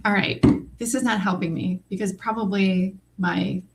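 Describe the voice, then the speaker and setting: A woman's voice: mid-range voice, a little slow, gravelly, heavy background noise. Chatty Midwestern woman co-host. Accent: Midwestern American. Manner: chatty, animated, many fillers. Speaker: podcast co-host. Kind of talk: casual chat.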